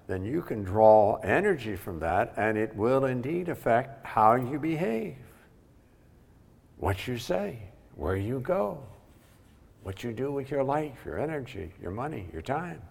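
Slow gravelly-voiced preacher, hall reverb. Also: male voice, mid-range voice, sing-song, darkish tone. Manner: emphatic, repeats key words for weight. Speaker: pastor. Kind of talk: sermon. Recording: long reverb of a large hall.

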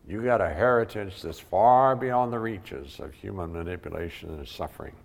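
A man's voice: sits low, lively intonation, normal speed, gravelly, hardly any pauses. A man preaching a sermon emphatically, repeating key words for weight, recorded with the long reverb of a large hall. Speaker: pastor.

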